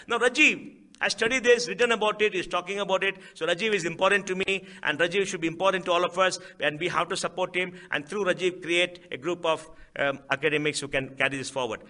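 A man's voice: high voice, fast, sharp tone. A man with an Indian accent giving a public speech at a book event, emphatic, asking rhetorical questions and repeating key phrases. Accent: Indian English.

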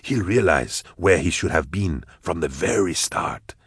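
A ruthless schemer speaks in a very deep, husky murmur, as a male reader voices him. Each line lands quietly and coldly, close to a dry mic. It sounds threatening without raising the voice. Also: expressive, measured pace, dry recording, full character voice. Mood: menacing.

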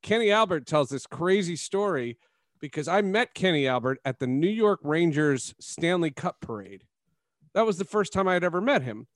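A man hosting a sports podcast, telling stories in a casual, animated way and laughing often. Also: on the high side, moderate pace, dry recording, clean studio sound. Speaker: podcast host.

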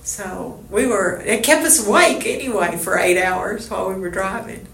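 A woman with a Texan accent tells her story in a loose, rambling way, full of restarts. Her voice carries a gravelly fry. The recording sounds roomy and echoey. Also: mid-range voice, expressive, moderate pace, fairly bright tone. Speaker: interviewee. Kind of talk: casual oral history chat. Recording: echoey room.

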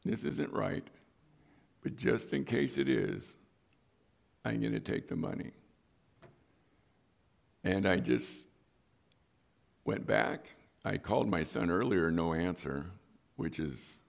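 A man's voice: low voice, takes it slowly, gravelly, pauses often. A middle-aged male pastor preaching a sermon, telling a personal story and acting out the voices in it. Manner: storytelling, acts out quoted voices.

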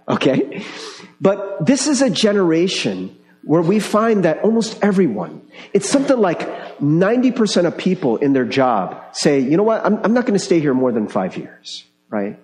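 A man's voice: high-pitched, very animated, normal speed, darkish tone. A man preaching a sermon as pastor in a conversational way, often asking the congregation questions. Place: church sanctuary. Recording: echoey hall with long reverb.

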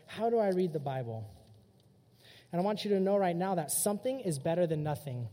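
Energetic young male youth pastor. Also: high voice, fairly quick. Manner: casual, energetic, direct address. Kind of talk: sermon. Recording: long hall reverb.

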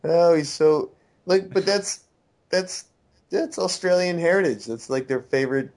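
A male podcast co-host in easy banter, teasing and joking. His voice sits a little high. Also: a little slow, darkish tone. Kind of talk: casual chat. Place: US East Coast.

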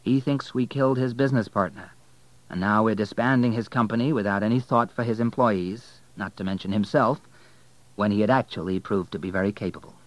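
A man reading an audiobook, voicing a young male banker with a measured, formal, controlled delivery. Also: fairly low pitch, no echo, close to an everyday voice, rough recording. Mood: calm.

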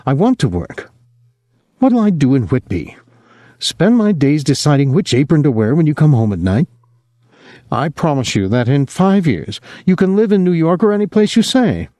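A man putting on a bitter young woman who taunts and needles, her voice lifted high and swinging widely. The reading is dry and close, with a mellow tone under the sharpness. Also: very animated, normal speed, dry recording. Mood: pleading. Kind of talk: audiobook character voice.

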